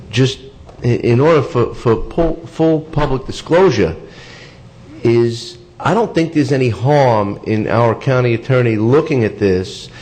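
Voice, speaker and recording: A male county commissioner questions a presenter during a public meeting. His voice is mid-pitched. He presses his point, repeats himself and restarts his sentences. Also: darkish tone, rough recording. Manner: pressing, repetitive, stammering restarts.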